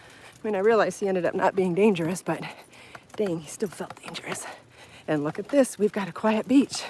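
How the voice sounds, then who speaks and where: A woman's voice: mid-range voice, normal speed, warm tone, slight background noise. A woman hosting a live stream outdoors on the way to a beach. She talks casually into a handheld phone, chatty and apologetic, laughing often and out of breath. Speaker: podcast host on a live stream. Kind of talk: casual live vlog while walking a bike. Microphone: phone held in hand.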